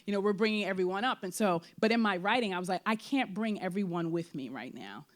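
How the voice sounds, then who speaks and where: Animated woman in a talkback. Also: medium pitch, quick pace. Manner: animated, frequent fillers, acts out quoted thoughts. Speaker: playwright and performer in a post-show talkback. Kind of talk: candid conversational talkback. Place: theater before an audience.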